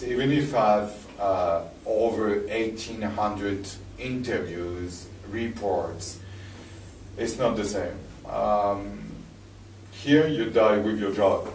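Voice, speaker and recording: A man with a French accent giving a live talk to an audience in a library room, telling stories with halting restarts and fillers. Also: lowish voice, a little mellow, a little hiss or hum. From France. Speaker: speaker giving a presentation. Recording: roomy distant live recording.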